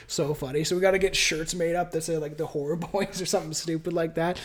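The speaker is a Canadian man hosting a podcast, his voice high and light, his pace a little fast with few pauses. Casual and foul-mouthed, he alternates loose chat with scripted reading, often laughing as he fumbles his notes. He's using a different home mic setup at a friend's place.

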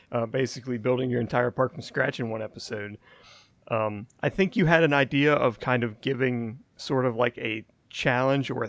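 A man's voice: medium pitch, gravelly, no echo. A man co-hosting a casual podcast, giving rambling, hedged explanations full of fillers. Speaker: podcast co-host. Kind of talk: casual conversational chat.

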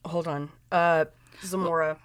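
A woman's voice: low voice, steady tone, unhurried, smooth. A woman co-hosting a podcast in casual chat, blunt and swearing constantly while she hunts aloud for names. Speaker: podcast co-host.

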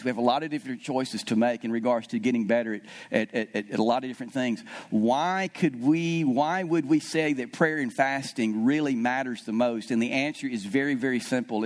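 A man preaching a sermon as pastor at a church service, repeating key phrases for emphasis and calling on the congregation to answer back. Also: medium pitch. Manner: calls on the congregation to respond.

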